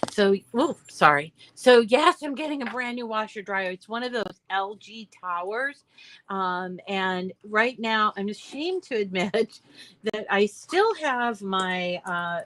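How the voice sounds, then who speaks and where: Older woman, slow unhurried pace, chatty crafting tutorial, rambling asides. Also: medium pitch, expressive, fairly bright tone, poor audio. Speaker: crafting channel host. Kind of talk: casual crafting tutorial chat.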